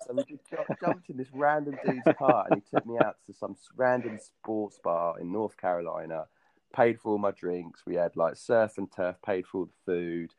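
A young English man in casual chat, telling a travel story with lively acted-out quotes. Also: lowish voice, moderate pace, no room sound. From Britain.

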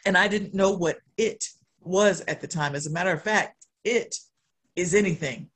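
A woman giving a testimony in a sermon, telling the story in an animated way with repeated refrains. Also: fairly low pitch, normal speed.

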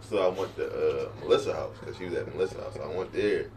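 Low-voiced man telling a story, laughing. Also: fast, a little mellow, recorded from a distance. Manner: laughing often, acting out quotes. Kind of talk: casual storytelling chat. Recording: noisy room, mic set back.

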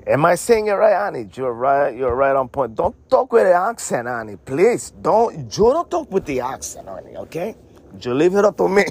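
A man's voice: medium pitch, dry recording. A man co-hosting a podcast, telling a story in casual, joking banter and repeating names as he goes. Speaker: podcast co-host.

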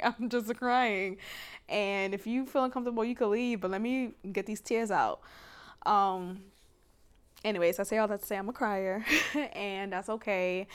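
A woman's voice: medium pitch, clean tone. A young adult woman hosting a faith podcast, talking casually and emphatically, laughing often. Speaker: podcast host.

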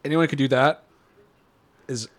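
A man chatting casually while watching a film, animated and laughing as he explains scenes. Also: medium pitch, moderate pace. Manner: animated, laughing, quoting lines. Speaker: movie watch-along commentator. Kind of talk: casual chat over a film.

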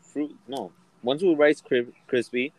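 A man's voice: medium pitch, steady tone, a little slow, a little mellow, rough recording. A young man in casual chat, teasing his friend and chiming in with jokes.

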